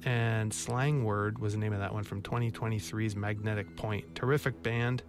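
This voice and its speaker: A man's voice: fairly low pitch, fairly even intonation, moderate pace. A man hosting a college radio show, back-announcing songs in a wry, self-mocking, chatty way. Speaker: radio DJ host. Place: radio studio.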